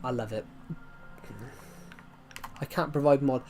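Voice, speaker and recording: Speaking slowly in a mid-range voice over music, a West Country streamer from England chats casually with his audience as he plays, rambling and restarting often.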